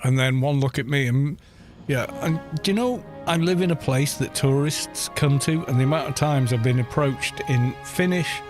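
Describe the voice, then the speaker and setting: A man's voice: mid-range voice, moderate pace, soft background music. A middle-aged British man chatting casually while streaming a game, rambling through anecdotes and swearing now and then. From Britain. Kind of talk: casual chat while gaming.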